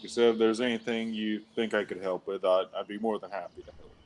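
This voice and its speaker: A man's voice: fairly low pitch, steady tone, fairly quick, a little mellow, slight background noise. A man playing his character in a tabletop game, speaking in a polite, courteous way. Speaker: player. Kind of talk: in-character tabletop role-play.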